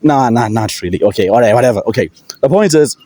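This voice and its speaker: A man's voice: medium pitch, lively intonation, quick pace, dark tone, no room sound. A young man from Africa ranting casually about wrestling, rambling, swearing and laughing often. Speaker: wrestling commentator vlogger. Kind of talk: casual solo rant.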